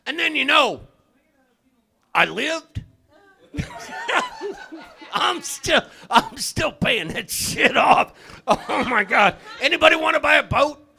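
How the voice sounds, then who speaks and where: An older man doing a stand-up comedy set in a club, loud and profane, often shouting his punchlines. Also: extremely high pitch, animated, takes it slowly, vocal fry, pauses often. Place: comedy club stage, live audience.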